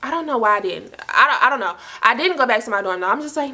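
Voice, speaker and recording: A woman's voice: on the high side, fast. A young woman telling a personal story to her viewers, casual and slangy, full of "like" and "y'all". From South Carolina. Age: young adult. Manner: slangy, animated, fillers of "like" and "y'all". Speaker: storytime vlogger.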